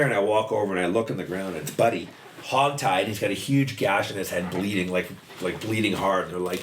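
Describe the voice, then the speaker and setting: A man's voice: sits low, fairly quick, few pauses. A man guesting on a podcast, telling candid stories in a rambling, profane way, full of "like" and restarts. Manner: rambling, profane, heavy use of "like". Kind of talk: candid storytelling about addiction. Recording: roomy, distant mic, faint background noise.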